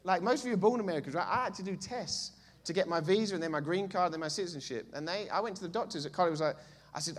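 Animated Essex preacher man. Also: high voice, racing. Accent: Essex English. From England. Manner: animated, jokey asides, rising to loud bursts. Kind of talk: sermon.

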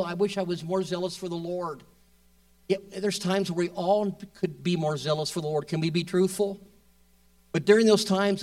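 Conversational preacher heard from a distance. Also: male voice, sits high, a little mellow. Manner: conversational, asks rhetorical questions, builds to emphatic peaks. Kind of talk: sermon.

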